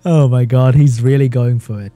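A man giving live esports commentary on a stream, reacting excitedly, laughing often and chatting with his viewers. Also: medium pitch, normal speed, dry recording, soft background music. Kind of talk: live game commentary while reading chat.

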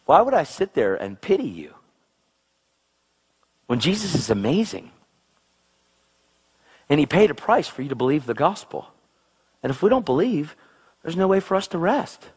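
A male preacher with a husky, slightly breathy voice delivers an excitable sermon. His pitch leaps about, dropping low and intense, then shooting up in exclamations. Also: normal speed, long pauses. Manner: excitable, exclamatory, swings between low intensity and high outbursts.

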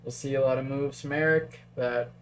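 A man talking through a chess game on a live stream in a loose, chatty way, musing over candidate moves and tossing replies to chat. His voice sits at an ordinary middle pitch, with a faint hum running underneath. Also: steady tone, moderate pace. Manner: chatty, thinks aloud, reads chat. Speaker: chess commentator. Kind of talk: casual live-stream commentary.

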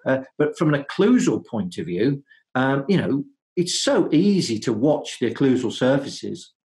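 A man, a dentist, talking through his ideas in a podcast interview, with many fillers, restarts and hesitant pauses. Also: mid-range voice, very animated, a little mellow. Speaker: guest dentist.

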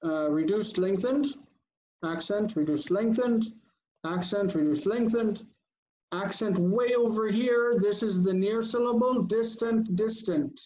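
A man teaching an online grammar lesson, drilling terms slowly and deliberately and often checking in with the class. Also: high voice. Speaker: Biblical Hebrew teacher. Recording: dull lo-fi call audio, faint noise.

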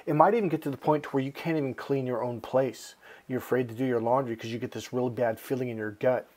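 A man hosting a self-help video, talking casually to the camera and acting out quotes in a raised voice. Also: mid-range voice. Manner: animated, acts out quotes in a raised voice. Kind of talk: casual direct-to-camera talk.

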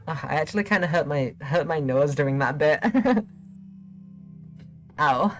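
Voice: mid-range voice, expressive, slow pace, pauses often, fairly bright tone, soft background music. A streamer chatting casually during gameplay, playful and giggly, teasing chat.

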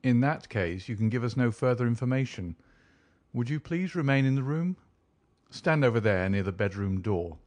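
A man's voice: medium pitch, animated, a little mellow, no room sound, close to an everyday voice. A man voicing a suave, shrewd male detective. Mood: probing. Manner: suave, measured, deliberate. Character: calm, shrewd male detective, smoothly confident. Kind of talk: audiobook character reading.

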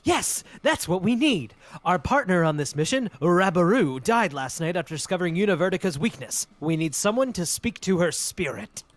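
A man's voice: high voice, lively intonation, moderate pace, few pauses, no room sound. A man voicing an earnest male agent pleading for help to save the world, with stammering urgency. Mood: urgent.

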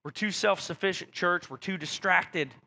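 A man's voice: high-pitched, moderate pace, gravelly, pushed and bright. A pastor delivering a conversational sermon, speaking directly to his congregation. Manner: direct, conversational preaching addressing the church.

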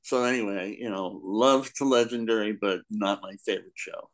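A man's voice: on the low side, normal speed. An older man, a guest in a casual talk, telling long rambling stories with frequent laughs. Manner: rambling storyteller, laughs often, acts out quotes. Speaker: podcast guest, comics editor. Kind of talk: casual chat, anecdotes.

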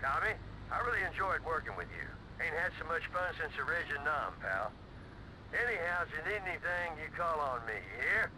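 An actor playing a gruff, folksy one-eyed army veteran in a video game. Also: male voice, fairly high pitch, very animated, fairly quick, background noise.

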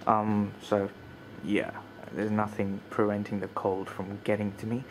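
A man's voice: fairly low pitch, little pitch movement, measured pace, a little hiss or hum. A chatty man, shivering in the cold. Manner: chatty, with fillers and some quiet murmured asides. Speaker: vlogger. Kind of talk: casual vlog narration. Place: outdoors at night. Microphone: built-in camcorder mic.

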